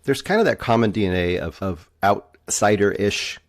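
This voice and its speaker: A man co-hosting a movie review podcast in casual chat, thoughtful and quick to laugh. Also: on the low side, lively intonation. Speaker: podcast co-host.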